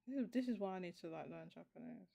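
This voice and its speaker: A woman hosting a casual livestream chat, thinking aloud with halting restarts as she works something out. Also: on the low side, vocal fry, mellow, a little hiss or hum. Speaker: show host.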